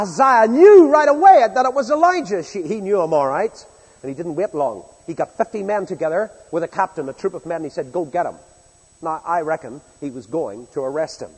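A man preaching a sermon in a folksy storytelling way, acting out the speakers in the story with big swings in loudness. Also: high voice, long reverb tail, low-quality recording.

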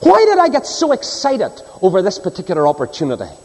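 A fervent preacher, his fairly high voice leaping from ringing cries to hushed, low asides as he reads scripture. Every phrase carries a long reverb, as in a large church hall. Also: huge pitch swings, quick pace, breathy edge. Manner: impassioned, swinging between soaring high cries and low hushed drops. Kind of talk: sermon with scripture reading.

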